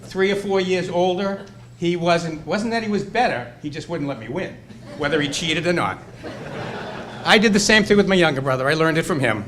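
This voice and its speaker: A man's voice: fairly high pitch, lively intonation, moderate pace, fairly bright tone, slight background noise. A man in his sixties with a Boston accent, giving a rambling, nostalgic acceptance speech at a hall of fame banquet. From Burlington, Massachusetts. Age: 60s. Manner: rambling, nostalgic, fired-up storytelling.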